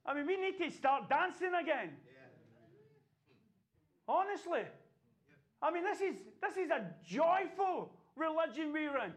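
A man's voice: extremely high pitch, lively intonation, a little slow, pauses often. A man preaching a sermon, passionate and exhorting, breaking into laughter now and then.

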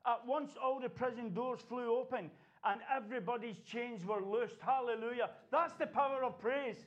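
Brief: very high-pitched male preacher, fervent sermon delivery, dull lo-fi recording. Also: normal speed. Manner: passionate, exhorting, with bursts of laughter.

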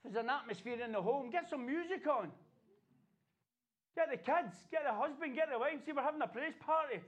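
A man's voice: very high-pitched, expressive, brisk, fairly bright tone, lo-fi sound. A man preaching a sermon, passionate and exhorting, breaking into laughter now and then.

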